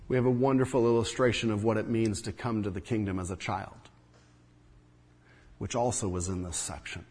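A man's voice: on the low side, steady tone, moderate pace, husky. A man preaching a sermon in an earnest way, his voice rising and falling as he acts out the quotes. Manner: earnest, rises and falls in loudness, acts out quotes. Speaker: pastor. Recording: long hall reverb.

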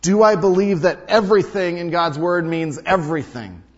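A man's voice: high-pitched, moderate pace. Emphatic male preacher in a reverberant hall. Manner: emphatic, repeats key lines, swings between loud and hushed. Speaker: pastor. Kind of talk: sermon. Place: large hall or sanctuary. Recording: dull sound with long hall reverb.

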